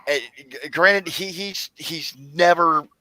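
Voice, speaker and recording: A man host telling an animated, profane story in a casual chat. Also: on the high side, takes it slowly, a crowd in the background, poor audio.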